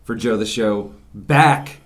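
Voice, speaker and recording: A man's voice: on the low side, slow, noisy background. A man hosting a podcast, chatting casually and joking with two friends. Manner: jokey, laughs often. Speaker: podcast host. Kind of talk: casual chat.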